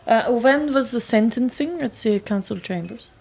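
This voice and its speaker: A woman's voice: a little high, moderate pace, vocal fry, a little mellow, breathy edge. A woman playing a tabletop game, playful and teasing. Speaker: player. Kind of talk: casual tabletop role-play.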